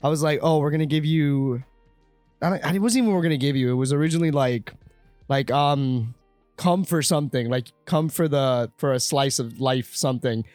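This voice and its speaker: A man's voice: medium pitch, fairly quick, darkish tone, no echo, soft background music. A man in his twenties co-hosting a podcast, talking in a goofy, rambling, playful way. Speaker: podcast co-host. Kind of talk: casual chat.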